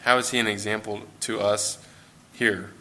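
A man with an American accent preaching a sermon in a church, conversational and relaxed, with fillers and self-corrections. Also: lowish voice, moderate pace.

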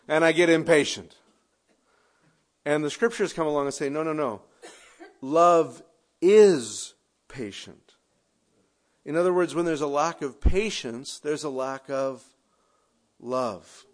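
Male pastor, sermon delivery, slightly higher voice, dynamic swings between emphatic and hushed. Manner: expressive preaching with sudden drops to quiet, conversational asides.

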